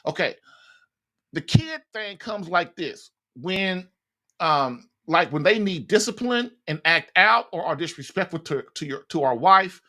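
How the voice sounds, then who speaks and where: A man's voice: high-pitched, pushed and bright. A man talks through marriage advice in a loose, conversational monologue. He is blunt and folksy, and he laughs at his own points as he goes. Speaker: podcast host giving marriage advice.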